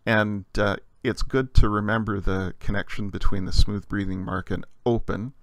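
Male lecturer, low gravelly voice, patient explainer with many "uh"s, dry close mic. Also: fairly even intonation, normal speed, fairly bright tone, no room sound. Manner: patient and explanatory, frequent "uh" fillers. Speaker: teacher. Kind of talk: recorded language lecture.

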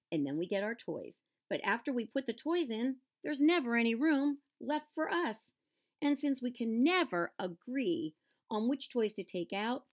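A cranky little male mouse in a storybook who yells every line in a squeaky, high voice, as a woman reading aloud puts him on. He is loud and contrary, and his pitch jumps around a lot. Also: natural voice. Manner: shouting, contrary.

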